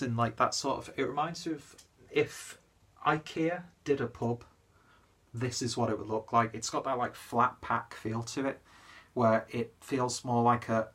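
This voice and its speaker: A man's voice: medium pitch, pushed and bright. Rambling tipsy young man reviewing beer. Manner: rambling, chatty, self-deprecating, lots of fillers. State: slightly tipsy after a pub trip. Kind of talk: casual beer review vlog.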